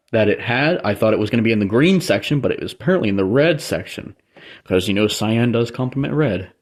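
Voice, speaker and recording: A young man vlogging casually indoors, chatting to his viewers as he goes and speaking through the camera mic. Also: on the low side. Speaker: hobby vlogger. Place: indoor room lit by disco lights.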